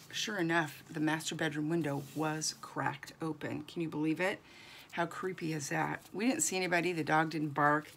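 A woman's voice: sits low, gravelly, fairly bright tone, slight background noise. A woman giving a chatty, encouraging crafting tutorial as a doll artist, thinking aloud as she works.

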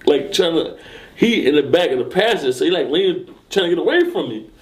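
A man being interviewed, telling a story casually and acting out what people said with sudden high, loud bursts. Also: fast. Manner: animated, acts out quotes and shouts in sudden high bursts.

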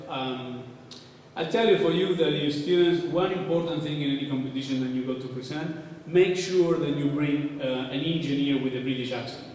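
Male lecturer, casual and irreverent; slightly high voice, long hall reverb, faint background hiss. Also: a little mellow, distant mic. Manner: casual, irreverent, occasionally swearing. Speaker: architect giving a lecture. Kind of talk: informal lecture. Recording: echoey hall, voice from afar.

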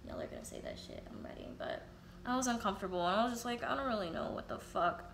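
A woman's voice: medium pitch, rapid-fire, a bit bright, slight background noise. A young woman telling a casual, profane storytime, acting out both sides of the dialogue. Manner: candid and profane, quotes herself and others in reenacted dialogue. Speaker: vlogger. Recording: roomy echo, faint ambience.

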